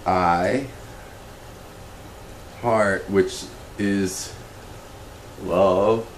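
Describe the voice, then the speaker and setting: A man hosting a comedic fish show, talking in an awkward, rambling, deadpan way. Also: reverberant, slight background noise, rough recording. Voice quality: slow, awkward, rambling delivery that becomes emotional and high-pitched. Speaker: comedy web show host.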